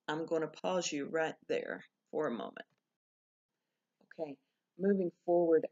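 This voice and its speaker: Slow, patient woman teaching a lesson. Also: low-pitched, warm tone. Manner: slow, patient explaining with self-corrections. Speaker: Spanish teacher. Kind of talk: recorded class lesson. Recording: dull lo-fi recording.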